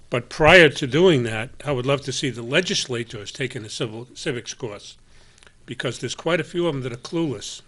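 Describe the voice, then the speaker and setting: A man co-hosting a local cable talk show, speaking bluntly with some sarcasm and often trailing off quietly. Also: medium pitch. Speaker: co-host. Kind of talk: casual public-access talk show.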